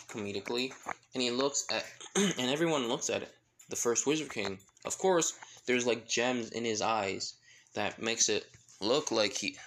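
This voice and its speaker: A man's voice: mid-range voice, sharp tone, a little hiss or hum. A man casually narrating a fan-made story, rambling with many fillers and self-corrections.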